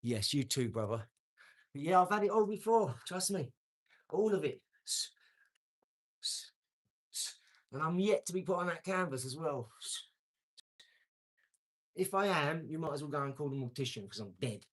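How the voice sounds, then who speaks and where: A man's voice: a little high, lively intonation, normal speed, pauses often. A man, talking brashly and boastfully on his own live stream, answering comments. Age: 40s. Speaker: livestream host.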